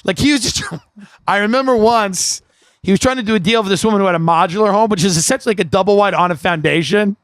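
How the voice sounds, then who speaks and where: A man, a comedian hosting his podcast, tells a rambling comic story full of quick asides and laughter, recorded on an outdoor deck. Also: sits high, no echo.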